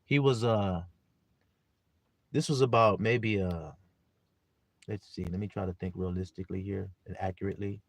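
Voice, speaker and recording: Preacher who keeps asking "you see?". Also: male voice, sits low, fairly even intonation, normal speed, long pauses, dry recording. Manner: often asks the listeners "you see?"; swings from loud scripture reading to quiet personal storytelling. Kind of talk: livestreamed sermon reading scripture.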